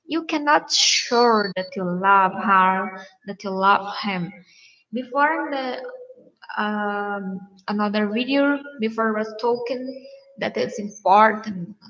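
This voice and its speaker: A woman relationship coach giving earnest advice in a halting, repetitive vlog manner. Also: mid-range voice, a bit bright, lo-fi sound.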